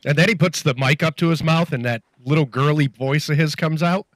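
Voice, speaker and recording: A man's voice: a little high, brisk, no echo. A man co-hosting a casual wrestling podcast, blunt and profane, often laughing.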